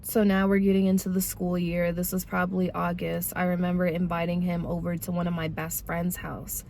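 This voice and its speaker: A woman's voice: lowish voice, completely flat delivery, brisk, vocal fry, a little mellow, a little hiss or hum. A young woman speaking candidly and conversationally to her viewers as she tells her own testimony in a casual vlog. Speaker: vlogger sharing a personal testimony.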